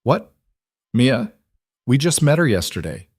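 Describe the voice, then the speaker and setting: A man voicing a patient single father who speaks gently and a little wryly. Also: medium pitch, big pitch swings, a little slow, breathy edge, no echo, clean studio sound, voice pushed up. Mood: gentle. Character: patient, wry single dad.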